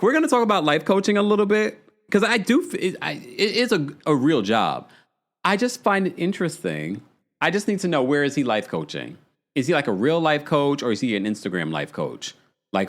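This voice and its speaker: Animated gossipy man recapping reality TV. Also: a little high. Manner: gossipy, animated, laughs often. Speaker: podcast host. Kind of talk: casual reality TV recap with live chat.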